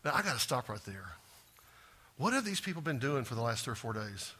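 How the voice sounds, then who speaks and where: A man preaching a sermon as pastor, animated, acting out scripture scenes and putting questions to his congregation. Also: mid-range voice, brisk, slightly rough. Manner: animated, acts out scripture quotes with rising intensity; asks the congregation direct questions.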